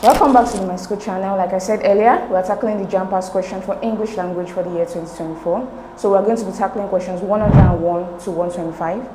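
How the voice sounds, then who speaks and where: A woman's voice: medium pitch, fast, few pauses, echoey room, heavy background noise. A woman explaining exam questions step by step as a tutor, repeating key points.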